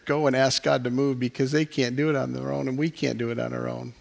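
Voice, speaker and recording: A man's voice: mid-range voice, level tone, quick pace, vocal fry. Earnest man preaching a sermon. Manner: earnest, impassioned preaching with soft laughs. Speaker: pastor. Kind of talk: sermon with closing prayer.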